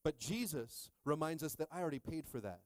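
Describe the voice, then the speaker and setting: A middle-aged man preaching a sermon with lively energy, often checking in with the congregation. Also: a little high, fairly quick, dry recording. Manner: energetic, repeatedly asking "are you with me?". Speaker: pastor.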